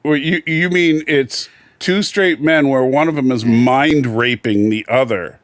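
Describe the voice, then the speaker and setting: A man's voice: medium pitch, a little slow, no room sound. A man co-hosting a casual review podcast, teasing his partner and laughing often. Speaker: podcast co-host.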